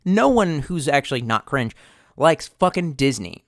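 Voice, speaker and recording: A man's voice: fairly high pitch, big pitch swings, unhurried, no echo, clean studio sound. A young man chatting casually on a livestream, rambling and sarcastic, cursing often and reading viewer messages aloud. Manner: rambling, profane, sarcastic, reads chat aloud. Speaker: streamer.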